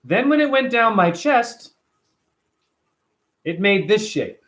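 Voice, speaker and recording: High-voiced, emphatic man vlogging. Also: takes it slowly. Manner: emphatic and animated, with casual swearing. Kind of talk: casual vlog monologue.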